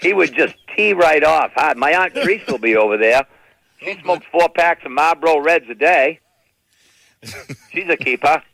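Middle-aged comic, brisk stand-up storytelling, lively impressions, slightly high voice, dry close sound. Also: male voice, gravelly, no room sound, rough recording. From New England. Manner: animated, slips into impressions of relatives. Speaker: comedian telling family stories.

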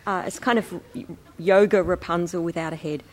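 Woman presenter, lowish voice, calm and explanatory, addressing an audience. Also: brisk. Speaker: presenter, co-editor of a book. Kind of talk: presentation with slides. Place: talk before an audience.

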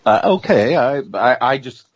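A man speaking as a guest on a radio talk show, measured and full of "um" and "you know" as he explains his views. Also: mid-range voice, lively intonation, husky, no echo, dull audio. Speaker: guest author and researcher.

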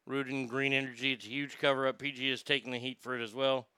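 A man's voice: mid-range voice, level tone, fast, bright, forceful tone, clean tone, dry recording. A man hosting a talk radio show, blunt and opinionated, swearing when frustrated. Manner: opinionated, rambling asides. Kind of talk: casual talk radio chat.

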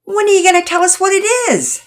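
A woman voicing an excitable, impatient boy who talks in slang. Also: medium pitch, moderate pace, voice pushed up. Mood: eager.

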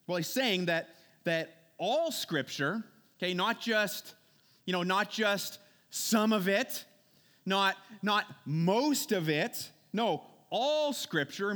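Earnest high-voiced male preacher. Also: slow pace, a bit bright. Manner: earnest, asks rhetorical questions, repeats words, frequent "okay" and "listen". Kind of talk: conversational sermon.

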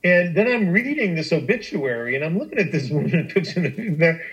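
A middle-aged man telling a personal story on a podcast, animated and emphatic, with frequent restarts and swearing. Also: fairly high pitch, moderate pace, highs cut off. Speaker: guest storyteller.

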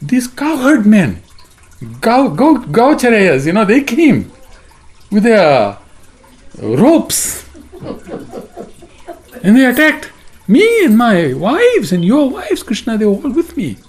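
A man voicing a disgraced male warrior prince who recounts his defeat in an agitated, rushed way. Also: very high-pitched, wildly swooping pitch, pitched above the performer's own voice, exaggerated voice. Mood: distraught.

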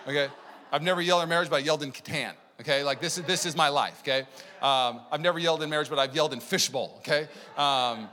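Man pastor preaching, chatty storytelling, bright tone, echoey sanctuary. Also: on the high side, fast. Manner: energetic, conversational, storytelling. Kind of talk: sermon. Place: church sanctuary. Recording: long church hall reverb.

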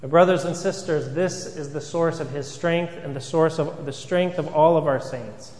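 A man's voice: a little high, normal speed, a little mellow. A man, a priest, giving an earnest sermon, asking rhetorical questions and repeating key phrases for emphasis. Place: church. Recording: reverberant church hall.

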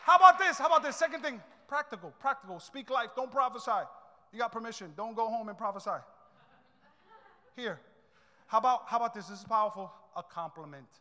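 A male pastor preaching a sermon, swinging between soft asides and loud, repetitive declarations. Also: high-pitched, fairly quick, some chatter behind. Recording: long reverb in a large hall.

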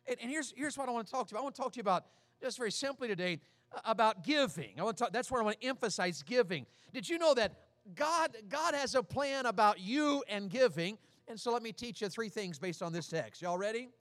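Folksy pastor, high dry voice. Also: male voice, lively intonation, fast talker, a bit bright, no room sound. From Tennessee. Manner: folksy, repetitive, calls out questions to the congregation. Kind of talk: sermon.

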